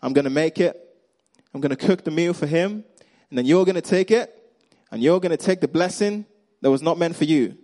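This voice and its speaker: A man's voice: fairly high pitch, a little fast, dark tone, voice pushed up, close to an everyday voice. A man putting on a sneaky scheming mother. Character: sneaky scheming mother, middle-aged woman.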